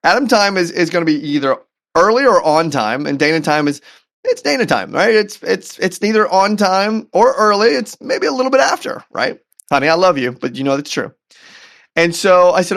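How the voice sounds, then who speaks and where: A man as a podcast guest telling a personal story in an animated, earnest way, often repeating words as he goes. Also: fairly high pitch, moderate pace, gravelly. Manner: faith-centered, earnest. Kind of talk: storytelling in conversation.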